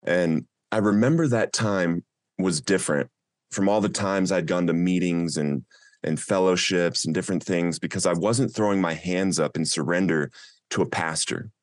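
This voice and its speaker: Low-voiced man sharing an earnest testimony. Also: normal speed, no echo, studio quality. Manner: earnest, emotional storytelling. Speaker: speaker sharing a recovery testimony. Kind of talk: personal testimony talk.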